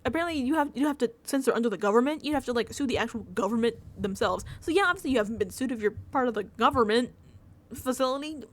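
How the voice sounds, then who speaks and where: Animated ranting woman, laughing often. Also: on the high side, fast. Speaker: podcast host reviewing a TV episode. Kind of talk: casual rant.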